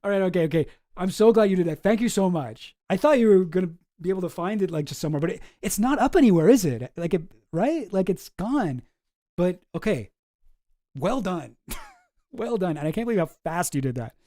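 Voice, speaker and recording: A streamer chatting casually on a live stream, excitable, laughing often and swearing freely. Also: medium pitch, a little fast, no echo, clean studio sound. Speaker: streamer reacting to a clip.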